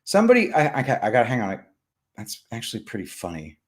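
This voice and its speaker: A man streams live and talks fast in a medium pitch, joking as he goes through viewer comments and sponsor plugs. The chat is casual and animated, veering from loud to mumbled.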